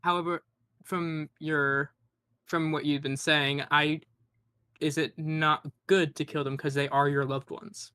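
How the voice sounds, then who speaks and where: A man's voice: a little high, level tone, unhurried, pushed and bright, smooth, dry recording. A man playing a tabletop game who asks questions in an unsure way, full of fillers. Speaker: player. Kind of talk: tabletop play.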